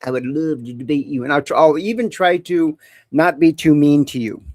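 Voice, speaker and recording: A woman's voice: low voice, moderate pace, darkish tone, no room sound. A woman hosting a live call-in stream, joking in a bawdy, teasing way and laughing often.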